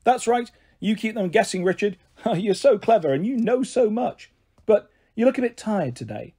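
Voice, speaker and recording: A man's voice: sits high, lively intonation, normal speed, slightly rough, voice pushed up, full character voice. A man reading aloud, voicing a fond, fussing mother in a children's storybook. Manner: warm and fussing.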